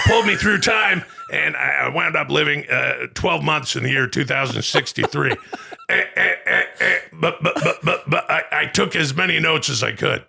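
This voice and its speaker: A man doing a gravelly ranting conspiracy host. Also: fairly high pitch, exaggerated voice. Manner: gravelly shouting rant. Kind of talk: comedic impression.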